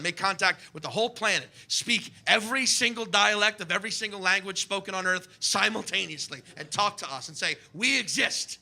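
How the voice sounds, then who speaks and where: Brief: American male comic, high gravelly voice, profane and animated, live stand-up. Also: a little hiss or hum. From United States. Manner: animated, profane, shouting bursts. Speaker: stand-up comedian. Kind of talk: stand-up comedy set. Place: live comedy stage before an audience.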